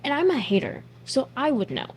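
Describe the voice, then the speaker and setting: A woman's voice: sits high, wildly swooping pitch, brisk, a little hiss or hum. Blunt, snarky woman reacting to a movie. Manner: blunt, swears freely, snarky. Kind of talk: casual reaction commentary.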